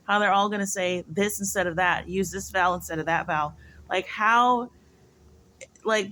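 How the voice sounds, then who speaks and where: A woman thinks out loud in a loose vlog to her viewers. Her talk wanders from thought to thought, full of "like" and "you know" and half-finished sentences. Her voice sits in an ordinary middle pitch. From United States. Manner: rambling, musing, heavy use of "like". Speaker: vlogger. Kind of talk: casual monologue to camera.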